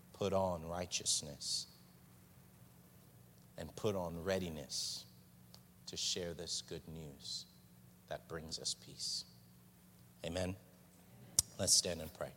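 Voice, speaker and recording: A man preaching a sermon as pastor, earnest and unhurried, pausing and repeating phrases for weight. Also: sits low, fairly bright tone. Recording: distant voice with long hall reverb, faint noise.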